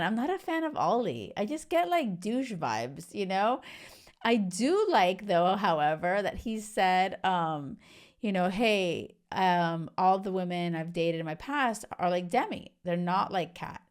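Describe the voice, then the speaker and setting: Blunt, animated woman hosting a podcast. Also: lowish voice, unhurried. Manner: animated, blunt and swearing, swinging between laughs and earnest. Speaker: podcast host. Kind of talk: casual reality TV recap chat.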